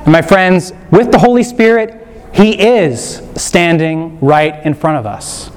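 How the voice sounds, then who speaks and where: A man leading a gentle, inviting guided meditation on Scripture as a preacher. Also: on the high side, unhurried. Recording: long hall reverb.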